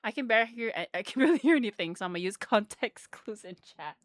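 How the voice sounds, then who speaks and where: A woman's voice: fairly high pitch, lively intonation, quick pace, no room sound, clean studio sound. A woman streamer chatting casually to her viewers, bubbly and giggly, rambling with lots of fillers. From Philippines. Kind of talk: casual live-stream chat.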